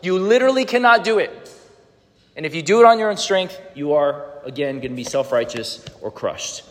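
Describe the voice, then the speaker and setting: High-voiced male pastor preaching. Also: expressive, fairly quick, in a large hall. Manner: conversational, asks the congregation questions. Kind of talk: sermon.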